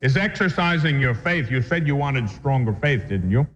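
A man's voice: medium pitch, animated, normal speed, noisy background. A man, a Catholic priest, teaching a catechism class in an earnest, emphatic way and repeating his key points. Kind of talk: religious lecture. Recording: dull lo-fi sound in a reverberant hall.

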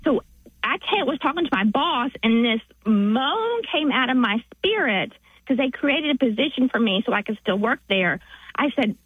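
A woman with a Southern US accent calling a radio show. She speaks earnestly and effusively, with halting restarts, over a phone line. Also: high voice, animated, breathy edge, dry recording. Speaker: radio caller.

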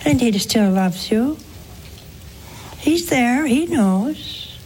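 A woman's voice: mid-range voice, darkish tone, a little hiss or hum, poor audio. A woman, a nun hosting a call-in program, preaching earnestly and coaxing her listeners with questions. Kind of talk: preaching and counseling callers.

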